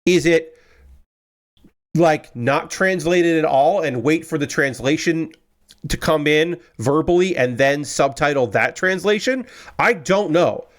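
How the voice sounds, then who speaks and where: A man's voice: on the high side, unhurried. A man live streaming casual chat as he works a jigsaw puzzle, rambling and digressive and answering his chat.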